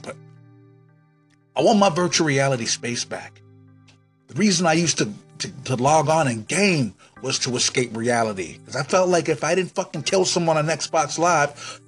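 A man hosting a podcast, delivering a profane comic rant that swings between yelling and low muttering. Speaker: podcast host.

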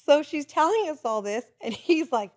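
Middle-aged woman, high voice, tells stories n acts out other people. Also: a little slow. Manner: animated storyteller, acts out others' lines. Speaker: guest. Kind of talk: casual chat.

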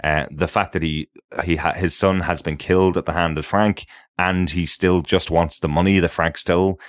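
A man's voice: sits low, steady tone, moderate pace, no echo. A man co-hosting a podcast, chatting casually and with enthusiasm, with many ums and uhs. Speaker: podcast co-host.

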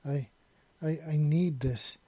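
A man's voice: fairly high pitch, steady tone, slow, no echo. A man doing a shy, stammering young man. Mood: shy pleading. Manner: soft, stammering and panting.

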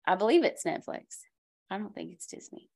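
A woman's voice: medium pitch, expressive, normal speed, creaky, darkish tone. A woman hosting a school library podcast, chatting casually about books with many asides and easy laughs. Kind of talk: casual book talk chat.

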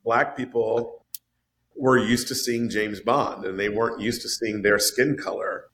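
A man in casual podcast chat about a film, animated and swinging his voice up high for emphasis. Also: unhurried. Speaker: podcast panelist discussing a film.

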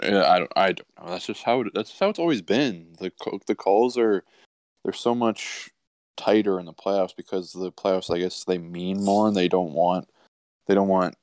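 Deep-voiced man ranting about hockey. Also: no room sound. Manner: ranting, mocking, fast and animated. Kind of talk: casual sports chat.

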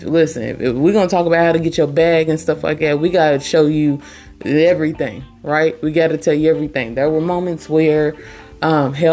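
Low-voiced earnest woman podcaster. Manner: earnest, repetitive, emphatic. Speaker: podcast host. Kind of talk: casual motivational monologue.

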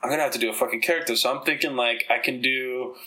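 A man from the Dominican Republic chats on his podcast in a bright, forward voice. He tells rambling, profane stories full of fillers, with plenty of animation. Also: mid-range voice, fairly even intonation, quick pace, low-quality recording. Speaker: podcast host. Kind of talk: casual chat.

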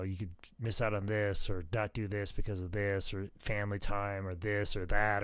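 A man's voice: fairly low pitch, clear, resonant tone, no room sound. A man telling a wrestling story in casual podcast chat, swearing freely and filling his talk with "like". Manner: profane, animated, lots of "like" fillers.

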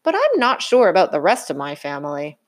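A woman's voice: fairly low pitch, wildly swooping pitch, fairly quick. A woman reading a storybook aloud and voicing a firm, sensible mother bear. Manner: firm, no-nonsense.

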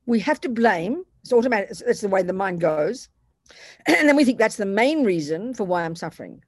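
A woman gives a Buddhist dharma talk with a very lively, swooping voice, chatty and self-mocking. She drops into other people's voices to make her points. The recording is dry and close, with no room sound. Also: medium pitch, a little fast, husky, dry recording. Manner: self-deprecating, conversational. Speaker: Buddhist teacher. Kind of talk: dharma talk to a retreat group.

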